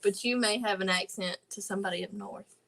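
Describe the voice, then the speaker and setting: A woman's voice: medium pitch, steady tone, fairly quick, vocal fry, fairly bright tone. A woman, co-hosting a casual livestream with dry, teasing remarks. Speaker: livestream co-host.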